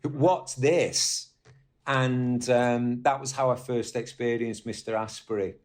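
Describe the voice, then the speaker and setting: A man from northwest England telling rambling, animated stories as a guest on an interview podcast, swearing now and then. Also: mid-range voice, a little slow. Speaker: guest musician. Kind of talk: casual storytelling interview.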